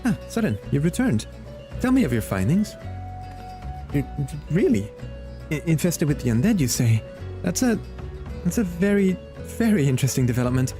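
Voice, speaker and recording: A prim, nervous male scholar, put on by a man reading a game aloud, speaking high and fluttery. He talks in formal, wordy sentences with a soft, warm tone, and faint music plays underneath. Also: very animated, normal speed, pauses often. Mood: fussy.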